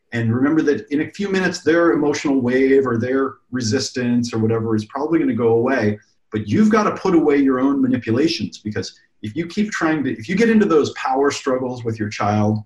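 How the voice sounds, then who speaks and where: Male guest, a parent in relaxed chat, loose and rambling delivery, mid-pitched voice, roomy recording. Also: brisk. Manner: relaxed, rambling, restarts phrases. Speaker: parent sharing parenting advice. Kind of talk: casual conversational chat.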